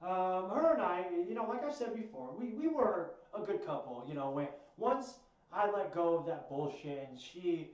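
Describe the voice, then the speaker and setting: A young man tells a personal story, rambling and profane, stumbling through fillers and restarts. His voice sits a bit high. He sounds set back from a dull, muffled mic in a very echoey room. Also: expressive, moderate pace, hardly any pauses, a little mellow, distant mic. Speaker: storytime host.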